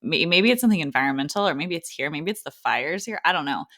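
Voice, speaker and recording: A woman, co-hosting a podcast as a doctor, chatting in a lively way. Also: low voice, dry recording, studio quality. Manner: chatty, lively, quick to laugh. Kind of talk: casual chat.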